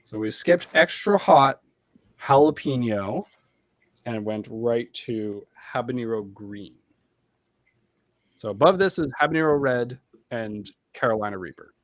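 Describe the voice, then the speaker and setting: A man's voice: medium pitch, animated, measured pace, long pauses, no room sound. A man in casual chat during a streamed tabletop game, announcing things in a showman-like, mock-formal way. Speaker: tabletop game player tasting hot sauce on stream.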